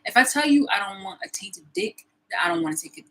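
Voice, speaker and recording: A woman in her thirties with a bright, forceful voice and a husky edge. She rants to her viewers in a profane, confrontational way, circling back and repeating herself. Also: medium pitch, very animated, fast talker, poor audio. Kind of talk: angry personal vlog rant.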